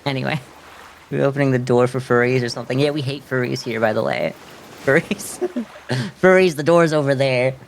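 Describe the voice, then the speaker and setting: A man's voice: mid-range voice, a little fast, gravelly, a little hiss or hum. A man streaming a video game, talking casually, rambling and joking with frequent giggles.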